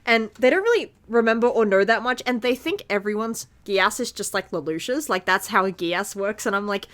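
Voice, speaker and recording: A woman co-hosts a casual podcast, sitting at a mid pitch. She rambles through long retellings, stacking fillers and restarts as she goes. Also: lively intonation, fairly bright tone. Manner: rambling, filler-heavy retelling with quick acted quotes. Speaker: podcast co-host. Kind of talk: casual chat.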